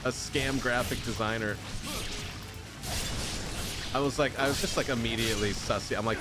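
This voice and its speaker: A man's voice: mid-range voice, normal speed, long pauses. A man streaming a video game, chatting casually with viewers in joking, rambling, self-mocking banter. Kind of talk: casual live-stream chat. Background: game music.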